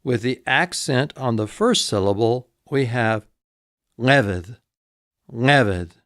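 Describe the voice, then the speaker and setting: A man teaching vocabulary in a recorded lesson, repeating each word slowly and spelling it out letter by letter. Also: mid-range voice, expressive, fairly bright tone, no room sound, clean studio sound. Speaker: instructor.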